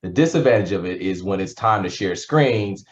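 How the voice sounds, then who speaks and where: A man's voice: low-pitched, expressive, moderate pace, highs cut off. A man giving a workshop presentation over a video call, talking conversationally with a sarcastic streak. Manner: conversational, uses sarcasm and analogies.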